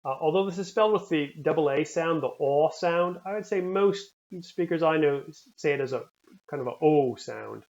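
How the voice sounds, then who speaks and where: A man teaching a recorded language lesson, repeating words slowly and carefully for the learner. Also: fairly high pitch, a little mellow, highs cut off. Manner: slow, careful pronunciation drills.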